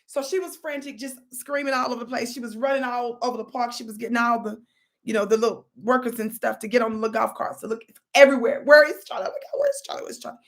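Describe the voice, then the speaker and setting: A woman hosting a live stream, telling a story to viewers in an animated, preachy call-and-response style. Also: a little high, fast talker. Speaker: livestream host. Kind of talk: casual livestream storytelling.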